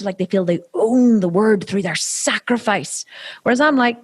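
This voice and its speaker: A woman's voice: medium pitch, normal speed, slightly rough. A woman, telling stories in a casual interview, acting out other people's voices and swearing freely. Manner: animated storyteller, acts out quoted voices, swears freely. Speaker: podcast host being interviewed.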